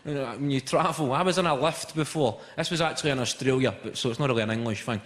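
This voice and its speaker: A Scottish man of around forty doing stand-up comedy, telling animated, sweary stories and slipping into other people's voices. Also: medium pitch, fast. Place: comedy venue stage with a live audience. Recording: echoey live venue, loud crowd laughter.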